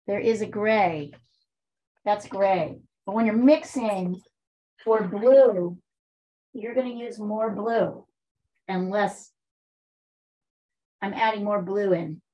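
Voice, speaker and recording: A woman's voice: medium pitch, takes it slowly, long pauses, warm tone. A woman art teacher giving online painting instruction over a video call, encouraging and repeating her points as she coaches.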